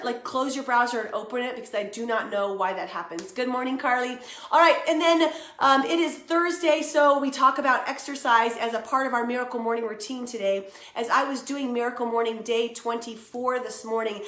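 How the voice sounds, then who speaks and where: A woman's voice: a little high, fairly bright tone, echoey room. A young woman hosting a casual motivational live stream, chatty and upbeat, greeting viewers by name. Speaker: live video host and coach.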